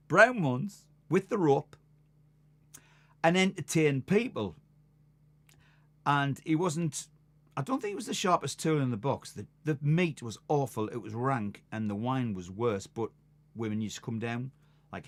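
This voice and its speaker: An older man, a musician hosting a live stream, telling rambling stories between songs and laughing at them. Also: medium pitch. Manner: chatty, rambling, laughs at his own stories. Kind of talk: casual storytelling between songs.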